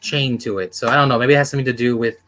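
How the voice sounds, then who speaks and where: Male podcast co-host, mid-pitched, rambling analytical delivery with frequent restarts, casual book-chat register. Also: steady tone, rapid-fire, a bit bright, a little hiss or hum. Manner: rambling, analytical, repeats himself.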